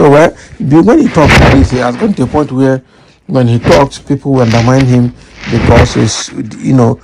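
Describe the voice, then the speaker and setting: A Nigerian man reading out political news and then giving lively commentary, slipping into Nigerian Pidgin. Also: mid-range voice, a little hiss or hum. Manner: animated, mixes in Nigerian Pidgin.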